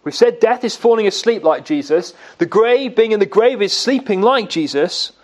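A man preaching a sermon, asking his listeners questions and answering them himself, and slowing down to stress key words. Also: sits high, lively intonation. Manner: slow, emphatic delivery on key words.

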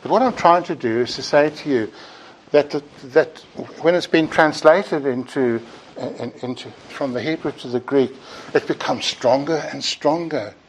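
A man's voice: on the high side, moderate pace, a little hiss or hum, rough recording. A man preaching a sermon in a church, earnest and emphatic, sometimes repeating words as he builds a point.

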